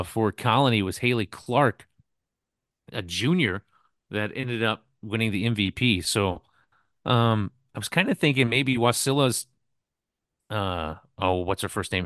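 A man's voice: on the low side, fairly bright tone, dry recording, clean studio sound. A man co-hosting a sports podcast, recapping scores in an easygoing way and turning to his co-host with questions. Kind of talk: casual sports talk.

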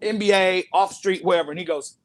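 Actor guest, male, higher voice, lively raconteur who laughs a lot and mimics others. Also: fairly quick. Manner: animated, laughs often, acts out quoted voices. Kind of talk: casual interview storytelling.

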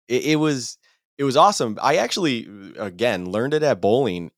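Deep voiced guy co-hosting a sports pod, dry close sound, gets excited. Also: no echo. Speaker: podcast co-host. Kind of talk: casual sports chat.

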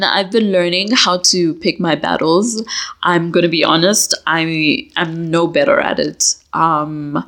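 A woman's voice: sits low, a bit bright. A young woman hosting a casual solo podcast, talking candidly and mocking herself, laughing often. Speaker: podcast host.

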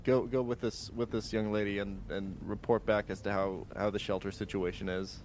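A man's voice: on the low side, level tone, moderate pace, darkish tone, slight background noise. A man playing a ship captain in a tabletop game, often stammering and restarting his words. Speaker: player voicing a ship captain. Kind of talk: tabletop role-play.

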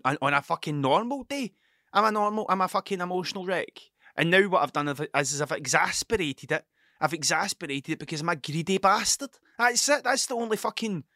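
A man's voice: high voice, pushed and bright, no echo, clean studio sound. A young man rambling through a casual monologue at home, swearing constantly and mocking himself, hungover and short on sleep. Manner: heavy swearing, restless, self-mocking. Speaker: podcast host. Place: cluttered room at home.

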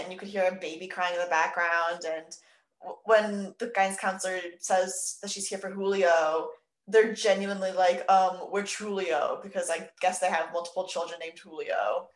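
A woman's voice: on the low side, steady tone, normal speed, fairly bright tone. A woman co-hosting a casual podcast, talking in an exasperated way with lots of swearing and fillers. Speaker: podcast co-host. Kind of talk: casual chat. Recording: echoey room.

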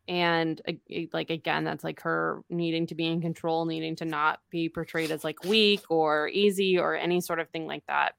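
A woman's voice: low-pitched, fairly even intonation, moderate pace, gravelly, fairly bright tone, smooth, dry recording. A woman co-hosting a casual book podcast, reading passages aloud and reacting to them with strong opinions. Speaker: podcast co-host. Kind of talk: casual book club chat.

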